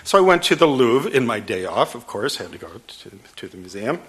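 A man in his sixties from Detroit, an author telling a story at a public book talk, lively, laughing often, restarting his phrases. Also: medium pitch, fairly quick, husky. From Detroit, USA.

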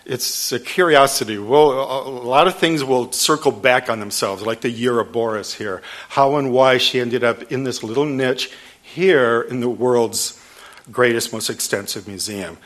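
A man in his sixties from Detroit, an author telling a story at a public book talk, lively, laughing often, restarting his phrases. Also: medium pitch, unhurried. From Detroit, USA.

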